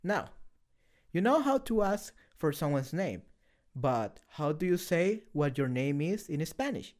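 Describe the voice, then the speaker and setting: A man teaching a beginner lesson in a clear, explanatory, scripted way. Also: on the high side, sing-song, measured pace, darkish tone. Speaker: language teacher.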